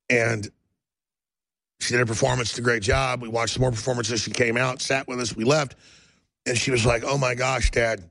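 A male talk radio host with a gravelly, husky voice, recorded dry and close. He talks emphatically and rambles from point to point, his pitch jumping up and down. Faint music plays behind him. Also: a bit bright, no echo.

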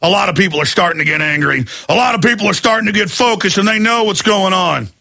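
A man hosting a talk radio show, delivering an angry, sarcastic rant that often breaks into shouting. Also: high voice, quick pace, creaky.

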